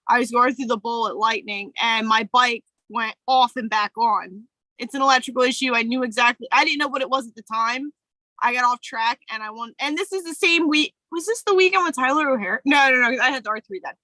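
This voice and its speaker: A woman with a bright, forceful voice, pitched a little high, talks casually on a podcast. Her storytelling is candid and emotional, full of fillers, and her sound is dry and close. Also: no echo, poor audio. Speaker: podcast co-host. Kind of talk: casual chat.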